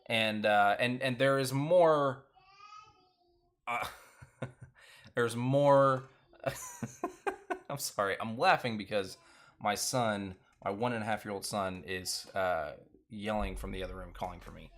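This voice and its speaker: A man's voice: fairly low pitch, moderate pace, fairly bright tone. A man hosting a casual live-stream recap, rambling with lots of fillers and restarts and laughing often. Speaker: show recap host.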